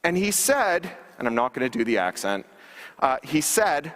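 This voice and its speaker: This conference speaker's voice sits on the high side, swinging widely in pitch at a moderate pace with a slightly bright edge. Giving his keynote from a large hall's stage, he sounds wry and sarcastic, often umming and starting over, while the room adds a long reverb.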